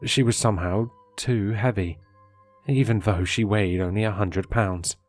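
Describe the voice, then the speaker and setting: A man reading a horror story aloud in a steady, measured narration. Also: lowish voice, dry recording, faint music behind.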